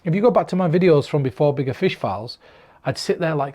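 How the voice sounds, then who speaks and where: A man's voice: a little high, fast talker, darkish tone. A man from the north of England talking straight to his own camera, giving earnest, encouraging advice to the viewer. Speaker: mentalist giving performance advice. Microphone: camera recording himself.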